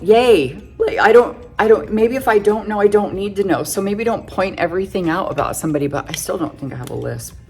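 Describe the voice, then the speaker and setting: A middle-aged woman chatting through a casual makeup tutorial, full of self-joking, giggly asides. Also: medium pitch. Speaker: makeup vlogger.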